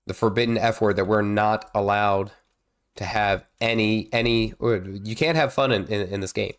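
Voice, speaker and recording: With a lowish, clean-toned voice and fairly even intonation, a thirty-something gaming streamer talks at normal speed. He's congested with a cold and rambles casually over live gameplay, chatty and exclaiming at the game.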